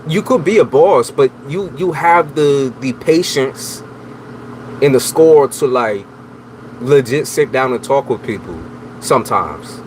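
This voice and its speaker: A man of middle pitch reads tarot live for his viewers. He talks in loose slang and teases them. A steady hum of background noise runs under his voice. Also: measured pace. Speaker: tarot reader, livestream host. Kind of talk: casual livestream chat.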